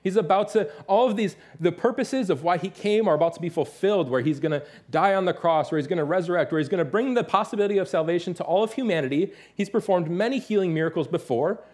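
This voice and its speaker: A man in his thirties preaching a sermon as pastor, telling stories with lively, animated delivery and playful imitations. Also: sits high, quick pace, hardly any pauses. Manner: animated storytelling, mimics his toddler's excited voice.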